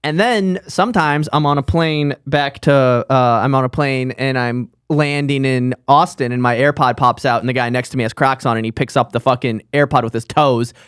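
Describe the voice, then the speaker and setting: A man's voice: medium pitch, normal speed, few pauses, clear, resonant tone, dry recording, clean studio sound. A man on a comedy podcast, talking in a rambling, self-deprecating way and often restarting his sentences. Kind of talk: casual comedy podcast chat.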